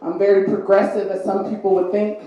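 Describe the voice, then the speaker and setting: A woman's voice: mid-range voice, brisk, lo-fi sound. Young woman with a lisp, very echoey. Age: young adult. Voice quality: lisp from braces. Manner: animated, voices others in quotes. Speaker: stand-up comedian. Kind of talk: stand-up comedy set. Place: comedy venue with laughing audience. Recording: very echoey live room.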